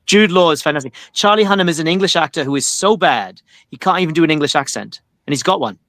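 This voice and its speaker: A man on a casual panel chat, opinionated and measured. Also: on the high side, lively intonation, a bit bright, no room sound. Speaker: podcast panelist.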